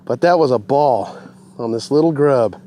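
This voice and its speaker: A man hosting a fishing show, giving excited commentary from a boat on a lake and talking to the fish and the viewers at home. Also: medium pitch, moderate pace, soft background music. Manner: whoops and laughs, talks to the fish and the folks at home.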